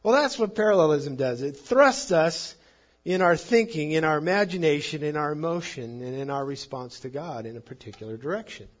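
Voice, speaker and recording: A man preaching a sermon on the psalms, speaking emphatically and swinging between loud and soft. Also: a little high, fairly quick, highs cut off. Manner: emphatic, rising and falling in volume.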